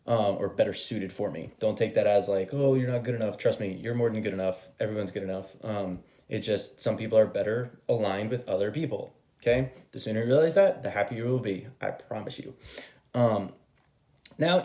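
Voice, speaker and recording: A man with a medium-pitched, mellow voice gives a casual tarot reading. He's chatty and rambling, swears freely, and laughs at himself.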